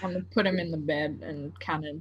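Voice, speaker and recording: A woman's voice: low voice, fairly even intonation, fast talker, husky, muffled recording. A woman chatting casually as a player in a tabletop game, full of likes and ums. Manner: chatty, hedges with "like" and "um".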